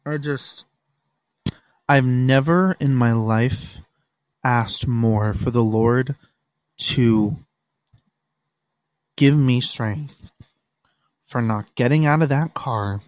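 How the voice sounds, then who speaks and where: A man's voice: medium pitch, darkish tone, no room sound. A young man hosting a casual solo podcast, telling stories in an exasperated way and swearing freely, recorded in a room at home. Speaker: podcast host.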